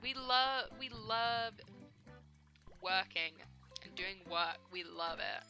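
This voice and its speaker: A young adult woman streaming a game, chatting casually and ranting in an animated, profane, self-mocking way. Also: medium pitch, slow pace, soft background music. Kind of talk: casual gameplay commentary.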